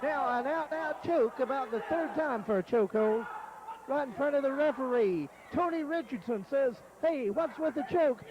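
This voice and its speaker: A man calling a wrestling match play by play in a folksy, excited way. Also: very high-pitched, normal speed, rough recording. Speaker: wrestling commentator. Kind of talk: play-by-play commentary.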